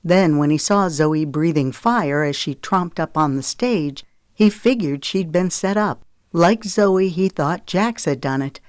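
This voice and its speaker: A woman narrating a romance audiobook in a steady, expressive reading. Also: on the low side, unhurried, dry recording, clean studio sound.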